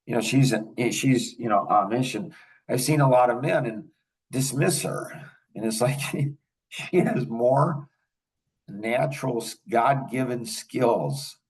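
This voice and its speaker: A man's voice: mid-range voice, a little mellow, husky, recorded from a distance, low-quality recording. An older man hosting a podcast, telling rambling anecdotes in casual chat and chuckling often. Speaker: podcast host.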